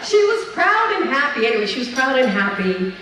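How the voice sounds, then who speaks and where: A woman speaking as the featured guest at an event, telling stories in a lively, chatty way. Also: sits high, brisk, background noise. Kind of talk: speech and onstage Q&A. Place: large event hall at a brunch. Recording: echoey hall, mic picked up from a distance.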